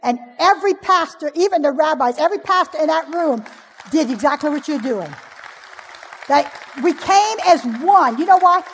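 A pastor's wife preaching to a ladies' gathering, telling stories with humor. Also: female voice, sits high, normal speed, a faint crowd, slight background noise. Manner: humorous, storytelling, lively preaching. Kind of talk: sermon. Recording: long hall reverb.

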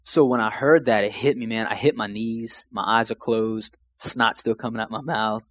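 A man's voice: on the low side, fairly even intonation, moderate pace, fairly bright tone. A young man from Louisiana casually telling his faith testimony, rambling and emotional, full of "man" and "like". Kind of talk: casual personal storytelling.

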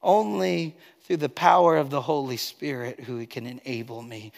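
A man preaching a sermon as pastor, earnest, swinging between loud emphatic stretches and quiet, low asides. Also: moderate pace, creaky, big-room sound. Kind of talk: expository sermon.

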